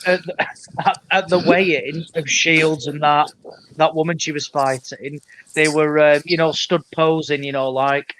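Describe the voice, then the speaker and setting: A man's voice: fairly high pitch, fairly even intonation, a little slow, fairly bright tone. A man telling stories in casual podcast banter, hesitant with many fillers. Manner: hesitant, filler-heavy storytelling. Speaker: podcast co-host.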